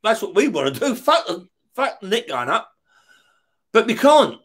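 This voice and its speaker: This middle-aged ex-career criminal's voice sits high and sounds sing-song, fairly bright, and husky, and he talks a little slowly. Telling stories as an interview guest, he curses constantly, laughs as he goes, and checks in with "yeah?".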